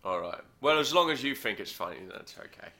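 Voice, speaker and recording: A man hosting a comedy show with dry, teasing, deadpan banter. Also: mid-range voice, fairly quick. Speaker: comedy podcast host.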